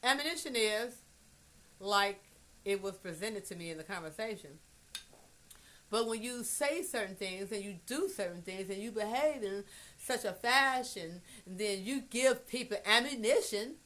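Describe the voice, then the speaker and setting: A woman musing in a casual monologue, blunt and profane, swinging from hushed asides to emphatic loud bursts. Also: mid-range voice, lively intonation, measured pace. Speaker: vlogger.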